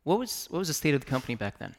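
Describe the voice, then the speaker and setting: A man's voice: a little high, sing-song, rapid-fire, vocal fry. A male interviewer asking short, prompting questions in a live interview. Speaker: interviewer host.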